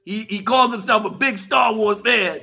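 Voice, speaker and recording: Male vlogger, very high, husky, animated voice, profane rant full of mocking laughs. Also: moderate pace, faint music behind. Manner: laughs often, mocking, stammers on restarts. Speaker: commentary vlogger.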